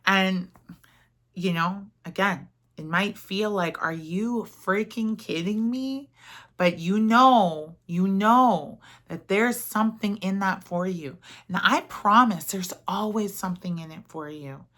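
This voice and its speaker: Brief: middle-aged woman, motivational speaker, unhurried, bright tone, earnest and chatty. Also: medium pitch. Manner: earnest, conversational, often asks "right?". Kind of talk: reflective spiritual talk.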